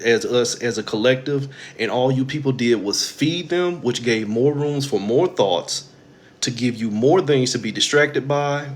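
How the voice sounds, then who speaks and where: A man, giving a blunt, profane spiritual monologue to his audience as host. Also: mid-range voice. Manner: blunt, profane and preachy, mimicking others in quoted asides.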